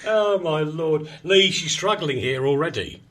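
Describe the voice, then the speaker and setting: A man's voice: fairly high pitch, animated, a little slow, a bit bright. A man hosting a radio show in a small studio, chatting casually and rambling in a self-mocking way. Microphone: studio microphone.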